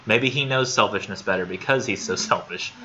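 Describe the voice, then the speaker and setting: A man's voice: on the low side, a little fast, pushed and bright. A man teaching a college literature class, talking casually and thinking aloud, often repeating words as he goes. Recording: dull lo-fi classroom recording with faint noise.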